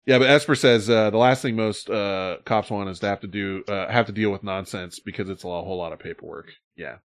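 A man's voice: lowish voice, a little fast. A male podcast host telling stories in casual chat and acting out quotes with animation. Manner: animated storytelling, acts out quotes.

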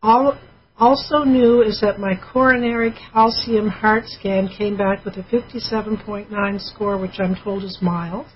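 A woman's voice: mid-range voice, steady tone, measured pace, a little hiss or hum. A woman co-hosting a call-in radio show, reading listener messages aloud in a chatty way. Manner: reads letters aloud, chatty with fillers. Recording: muffled radio broadcast with music.

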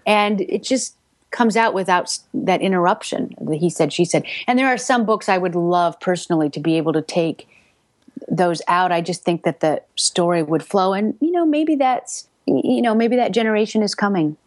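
Chatty woman audiobook narrator, low voice. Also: moderate pace, no room sound. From United States. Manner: chatty, animated storytelling with many restarts. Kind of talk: casual interview.

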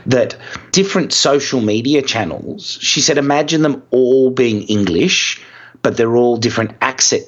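A man co-hosting a podcast, explaining business ideas in a relaxed, casual way. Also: medium pitch, normal speed, lo-fi sound. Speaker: podcast co-host.

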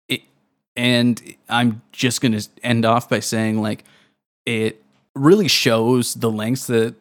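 A man co-hosting a casual podcast, blunt and opinionated with loose, sweary talk. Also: medium pitch. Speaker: podcast co-host.

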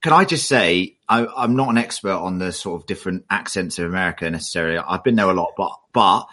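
A man's voice: low-pitched, fast, bright, forceful tone. A man co-hosting a podcast, chatting in a jokey way and laughing often. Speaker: podcast co-host. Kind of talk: casual chat.

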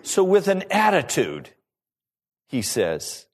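A male pastor preaching a sermon to his congregation in an animated, rising and falling delivery. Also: medium pitch, unhurried, pauses often.

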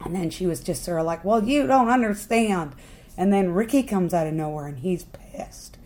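Young woman, street performer guest, animated storyteller, swears, acts out quotes. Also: lowish voice, a little fast.

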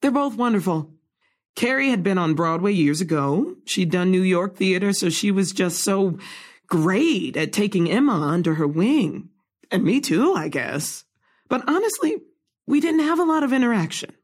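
A self-deprecating playwright, voiced by a woman, trails off and laughs nervously in a modern drama. Her mid-pitched voice swoops widely, hesitant and polite. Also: animated, moderate pace, close to an everyday voice. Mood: awkward. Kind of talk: contemporary stage drama dialogue.

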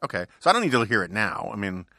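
A man's voice: lowish voice, big pitch swings, quick pace, gravelly, pushed and bright, dry recording, clean studio sound. A man hosting a podcast in casual chat, easygoing and amused. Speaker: podcast host.

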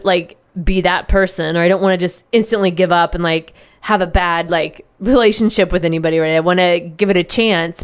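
A woman's voice: mid-range voice, smooth. A woman hosting a show, telling a personal story to her listeners in a candid, casual way with lots of fillers and the odd swear word.

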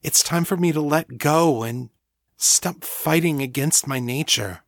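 Narrator voices a bold, teasing young man, slow and close. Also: gravelly, no room sound. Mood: urgent. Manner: low and teasing.

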